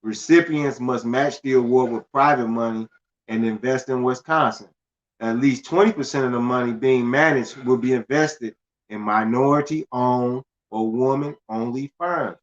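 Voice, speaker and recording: Male host, casual and rambling, repeats himself, middle pitch, muffled lo-fi recording. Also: moderate pace. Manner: loose and conversational, stumbles and repeats words, laughs at himself. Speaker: finance channel host. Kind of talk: casual livestream talk reading news aloud.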